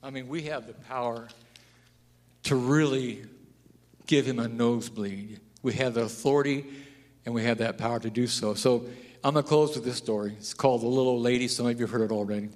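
A pastor preaching a sermon, telling stories and rising to loud, emphatic declarations. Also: male voice, mid-range voice, fairly quick. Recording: long hall reverb.

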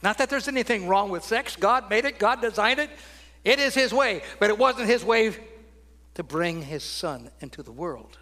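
An older man preaching a sermon with a high voice that rings out bright and forceful on the big lines. He then drops to hushed, near-whispered phrases for emphasis, with wide swings in loudness. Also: lively intonation, normal speed.

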